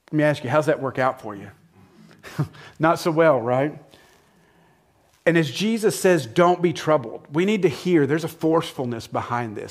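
A man's voice: a little high, lively intonation, moderate pace. Conversational male preacher. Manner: conversational, asks the listeners questions, acts out lines with shifts in loudness. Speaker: pastor. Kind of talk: sermon.

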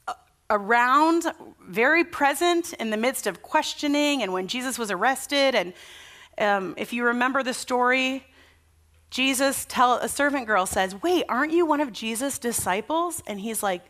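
A woman's voice: a little high, measured pace, a bit bright. Enthusiastic woman preaching a sermon. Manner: conversational and enthusiastic, acts out quotes. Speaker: pastor.

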